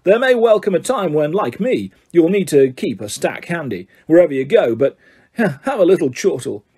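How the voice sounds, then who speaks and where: A man's voice: a little high, very animated, normal speed, darkish tone, slightly rough. A man voicing a vain, self-important teacher who talks in a jovial, patronising way.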